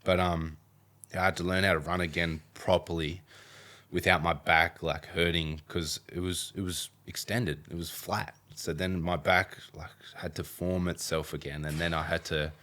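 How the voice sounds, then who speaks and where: A young man with an Australian accent and a very low voice tells a story in a casual interview. He rambles, piles on fillers and acts out what people said. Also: little pitch movement, moderate pace, pushed and bright. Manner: rambling, filler-heavy retelling with acted-out quotes. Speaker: podcast guest, athlete.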